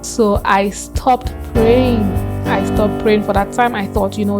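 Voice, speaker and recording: A woman telling her personal faith testimony in an earnest, animated way, gasping and acting out what she said back then. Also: mid-range voice, unhurried, few pauses, over music. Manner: earnest and animated, with gasps and acted-out quotes.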